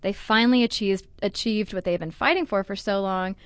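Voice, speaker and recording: A woman's voice: mid-range voice, a little fast, clean tone, dry recording. A woman co-hosting a casual history podcast, chatty, reading out quotes with wry asides. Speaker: podcast co-host.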